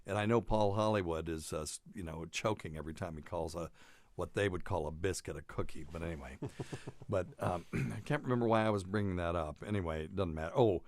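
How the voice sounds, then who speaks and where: A man's voice: low voice, a little fast, a little mellow. A man hosting a casual medical talk show, rambling and joking, often laughing at his own lines. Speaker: podcast host, doctor. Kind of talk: casual chat.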